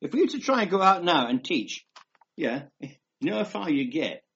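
A man's voice: a little high, sing-song, normal speed, fairly bright tone, breathy edge. A man giving a rambling, emphatic conversational sermon, reading scripture aloud between asides. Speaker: preacher. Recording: dull lo-fi recording.

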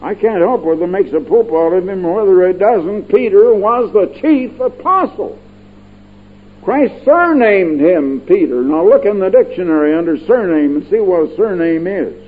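A man's voice: high-pitched, expressive, normal speed, slightly rough. An older man preaching a Bible-teaching sermon in a folksy, digressive way, repeating words for emphasis. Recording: tinny lo-fi radio broadcast with faint hum.

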